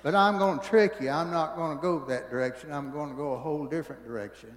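A man preaching a sermon in a church, telling folksy stories and swinging from hushed asides to booming exclamations. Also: fast. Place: church sanctuary. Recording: church hall reverb.

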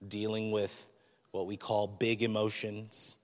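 A man's voice: on the low side, little pitch movement, slow, long reverb tail. A man preaching a sermon as a pastor, speaking in a candid, conversational and personal way.

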